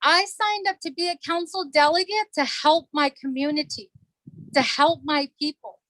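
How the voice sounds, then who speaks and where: A woman's voice: high voice, steady tone, moderate pace, a bit bright, dry recording, poor audio. A middle-aged woman, a council delegate, addressing a community meeting in an earnest, emotional way and repeating herself for emphasis.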